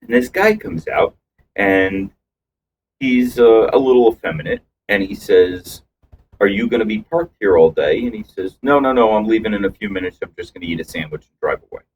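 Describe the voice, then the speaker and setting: A man's voice: lowish voice, animated, moderate pace, far from the mic, a little hiss or hum, rough recording. A man co-hosting a casual podcast, telling long rambling anecdotes with restarts and acted-out quotes. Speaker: podcast co-host. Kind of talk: casual storytelling chat.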